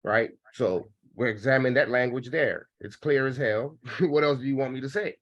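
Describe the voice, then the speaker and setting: A man's voice: mid-range voice, normal speed, a bit bright. A man hosting a group discussion over a call, handing the floor to others and breaking down each passage. His voice sits in a middle range and comes through dull and lo-fi. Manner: leads the floor, calls on speakers. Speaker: host.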